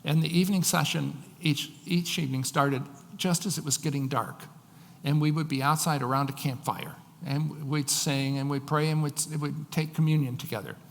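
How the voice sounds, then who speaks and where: A male pastor preaching a sermon, slowing down to read scripture with emphasis. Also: a little high, fairly even intonation, gravelly, in a large hall.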